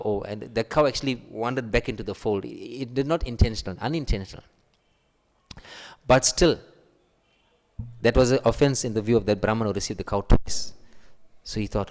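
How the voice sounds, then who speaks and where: A man giving a sermon, telling stories and acting out the quoted voices with a raised pitch. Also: moderate pace, a little mellow. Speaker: preacher. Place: temple hall. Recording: long hall reverb.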